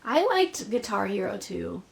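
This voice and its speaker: A young woman co-hosting a casual podcast, easygoing and quick to laugh and agree. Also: mid-range voice, very animated, creaky. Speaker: podcast co-host. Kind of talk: casual nostalgic chat.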